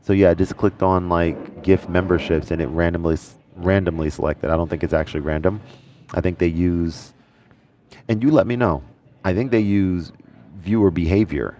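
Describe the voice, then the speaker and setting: A man hosting a casual music livestream, thinking out loud and chatting with viewers in the comments. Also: sits low, normal speed, a little hiss or hum. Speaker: livestream host.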